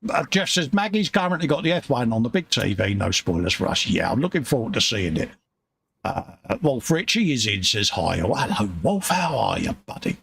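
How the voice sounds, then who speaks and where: A man's voice: medium pitch, very animated, fairly quick, vocal fry, fairly bright tone, breathy edge, no echo. A British man hosting a casual livestream from his home hobby workshop, joking and reading out viewer comments. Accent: British English. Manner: jokey, chummy, reads viewer comments aloud. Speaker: livestream host. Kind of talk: casual chat.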